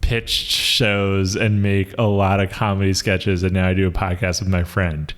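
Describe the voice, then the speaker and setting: A man's voice: low-pitched, level tone, normal speed. A young man, a comedy writer, co-hosting a podcast and chatting in a rambling, reflective way with lots of fillers. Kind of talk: casual comedic chat.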